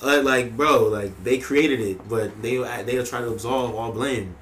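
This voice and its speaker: An emphatic young man co-hosting a casual podcast at a middle pitch. He repeats himself to push a point home and keeps addressing the others as "bro". Light room noise hangs behind him. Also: unhurried, fairly bright tone. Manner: emphatic, repeats words, ends lines with "bro". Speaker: podcast co-host. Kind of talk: casual chat.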